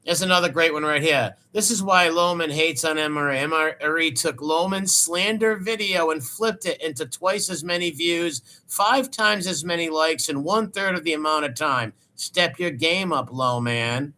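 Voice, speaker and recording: A man's voice: a little high, moderate pace, few pauses, bright, forceful tone. A man giving scornful, dismissive reaction commentary over a video.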